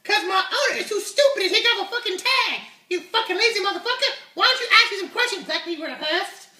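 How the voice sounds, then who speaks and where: A man's voice: extremely high pitch, lively intonation, quick pace, bright, forceful tone, voice pushed up, exaggerated voice. A man voicing a brash, foul-mouthed male unicorn puppet who swaggers and swears constantly. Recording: echoey room.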